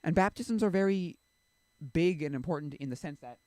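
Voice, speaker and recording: A man's voice: fairly high pitch, normal speed, dry recording. Rambling man musing on faith. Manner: rambling, self-interrupting, many fillers; animated when acting out quotes. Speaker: streamer. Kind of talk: casual chat about faith.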